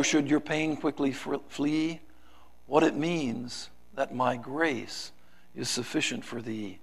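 A man preaching in an unhurried, measured sermon voice with a gravelly edge. His delivery is dramatic, rising to loud pleading and then dropping to hushed softness. His pitch sits a little higher than most men's. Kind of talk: sermon with a recited poem.

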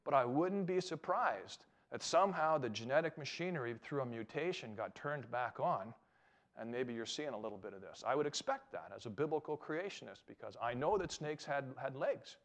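A man giving an emphatic, animated talk to a live audience as a Christian apologetics speaker, often asking them rhetorical questions. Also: mid-range voice, normal speed.

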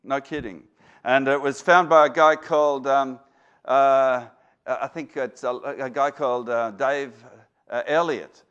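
A man's voice: medium pitch, fairly even intonation, unhurried, fairly bright tone, smooth, muffled recording. A man with an Australian accent, a guest speaker giving a rambling, folksy talk to an audience, full of fillers and restarts.

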